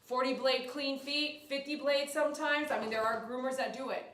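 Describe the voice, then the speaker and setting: A woman's voice: high-pitched, steady tone, normal speed, fairly bright tone, roomy sound, slight background noise. A woman, a dog groomer chatting on a casual livestream and reading viewer comments aloud.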